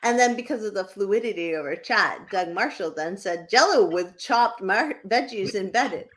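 A woman's voice: medium pitch, animated, moderate pace. A woman co-hosting a chatty podcast, laughing often as she reads out listener comments. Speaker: podcast co-host. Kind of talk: casual chat, reading listener comments.

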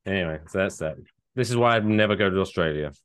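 A man's voice: low-pitched, fast, a bit bright, smooth, no echo, studio quality. A man co-hosting a comedy podcast, swearing and joking in loose, profane banter. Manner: profane, joking, slips into silly put-on voices. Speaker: podcast co-host.

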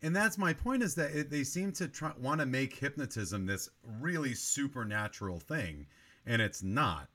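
A man on a film review podcast picks apart a movie in casual chat. His voice rises and falls a lot as he builds his argument in long run-on thoughts. He sits in the middle of the usual male pitch range. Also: lively intonation, normal speed, bright, forceful tone. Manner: analytical, talks in long run-on critiques.

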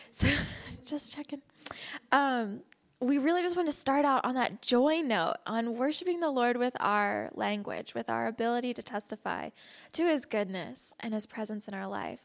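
A woman leading a church class, telling a lively story with frequent laughs and then praying aloud. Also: sits high. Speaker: class leader. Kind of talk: church class talk and prayer.

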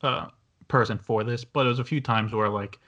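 A man's voice: lowish voice, normal speed, a bit bright, dull audio. A man hosting a casual movie review podcast, talking in a rambling way with many fillers and restarts. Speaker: podcast host.

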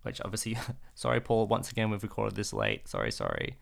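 A young man co-hosting a podcast, chatting casually and quickly, often backtracking to qualify what he says. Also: fairly low pitch, huge pitch swings, creaky. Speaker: podcast co-host. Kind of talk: casual chat.

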